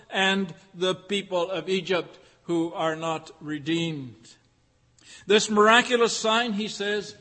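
Brief: male pastor with a high voice, measured, rhetorical sermon delivery in a reverberant church. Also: a bit bright. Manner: deliberate, rhetorical, repeats phrases for emphasis.

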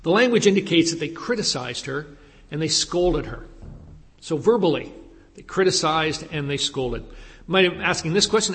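Man, pastor, sermon, emphatic, rhetorical questions, somewhat high voice, long hall reverb. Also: lively intonation, moderate pace, a bit bright.

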